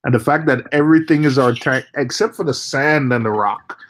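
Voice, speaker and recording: A man from Jamaica hosting a casual group chat, talking in an animated, baffled way with lots of laughter. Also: mid-range voice, a little fast. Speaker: host.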